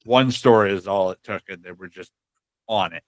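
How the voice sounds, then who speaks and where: A middle-aged man hosting a podcast, talking in a relaxed, appreciative way. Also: low-pitched, moderate pace, no echo. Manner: relaxed, appreciative, with fillers and laughs. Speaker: podcast host. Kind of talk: casual interview chat.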